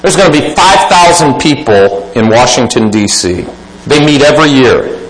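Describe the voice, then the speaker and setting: A man preaching a sermon emphatically, swinging between loud exclaiming and quiet asides. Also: mid-range voice, animated, moderate pace, reverberant, slight background noise, poor audio.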